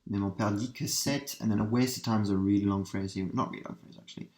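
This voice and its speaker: A man teaching a revision lesson, working through translations step by step and asking his students quick questions. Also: fairly low pitch, fairly even intonation, a little mellow. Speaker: language teacher. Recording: roomy echo.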